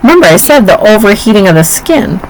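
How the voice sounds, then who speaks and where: A woman's voice: mid-range voice, quick pace, slight background noise, low-quality recording. A woman in her forties co-hosting a casual chat, telling stories and acting out what others said. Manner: animated storyteller, acts out quotes. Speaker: podcast co-host.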